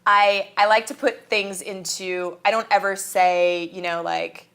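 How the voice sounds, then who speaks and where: A woman's voice: mid-range voice, steady tone, slow pace, a bit bright. A woman from Kansas, a guest in a casual interview, telling stories animatedly, acting out quotes and laughing often.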